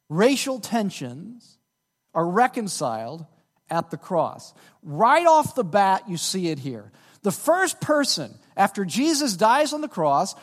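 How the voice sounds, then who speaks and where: Animated, high-voiced male preacher in a reverberant hall. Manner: emphatic preaching with frequent "okay?" check-ins. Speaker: pastor. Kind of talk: sermon.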